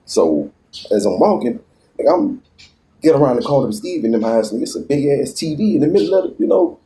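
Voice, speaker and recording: A man telling a story in a casual, slangy, animated way, out in a garden. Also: mid-range voice, a little fast, poor audio. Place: outdoors in a garden.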